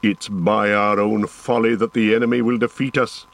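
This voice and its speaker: A man's voice: lowish voice, flat delivery, normal speed, gravelly. A man reading an audiobook, voicing a proud, desperate adult male warrior who pleads and rages with passion. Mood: furious. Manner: impassioned, pleading then raging. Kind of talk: audiobook character voice.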